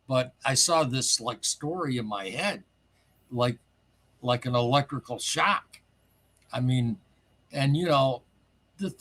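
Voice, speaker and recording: A man calling in to a show, telling a strange story in a rambling, excitable way and swearing casually. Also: mid-range voice, gravelly, breathy edge. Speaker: caller sharing a paranormal story.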